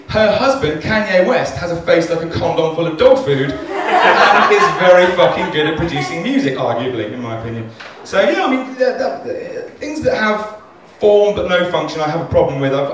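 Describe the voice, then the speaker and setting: Performing stand-up on a comedy club stage, a man rambles, puts himself down, and swears plenty, his voice pitched a little higher than most men's. His intonation is lively, his speed normal, and he pauses little. He was captured from a distance in a very echoey room with faint room noise behind him.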